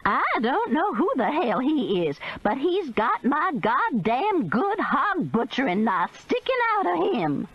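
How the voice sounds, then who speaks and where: A woman's voice: sits high, big pitch swings, unhurried, few pauses, breathy edge, no room sound, lo-fi sound, voice pushed up, exaggerated voice. A woman voicing a feisty older Southern grandmother who talks bluntly and curses, in an audiobook. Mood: indignant. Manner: blunt, cursing, loud.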